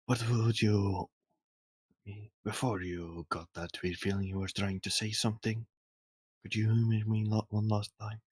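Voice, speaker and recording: Man, tabletop player, husky, lowish voice, dry close sound. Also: steady tone, measured pace, a little mellow, no room sound, poor audio. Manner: thoughtful, questioning. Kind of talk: casual chat at a game table.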